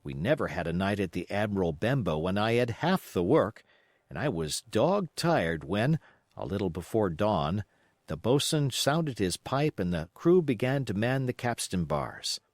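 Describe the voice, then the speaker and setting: A man reading a classic adventure novel aloud as an expressive audiobook narration. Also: on the low side, unhurried, no echo, clean studio sound.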